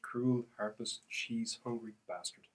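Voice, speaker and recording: A man co-hosting a podcast, dropping dry deadpan quips in casual chat. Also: medium pitch, unhurried, slight background noise. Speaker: podcast co-host.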